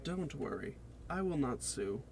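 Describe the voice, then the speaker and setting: A man's voice: medium pitch, big pitch swings, unhurried, creaky, darkish tone, a little hiss or hum. A man reading the lines of a cocky male fighter with electric powers, in his own plain voice and without an accent. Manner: plainly read, no accent attempted.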